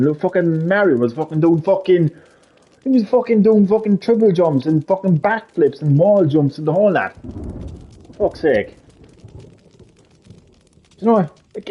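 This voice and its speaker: Husky, swearing man ranting on a stream. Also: on the high side, highs cut off. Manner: swears a lot, emphatic and repetitive. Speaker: live streamer. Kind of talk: heated gaming rant.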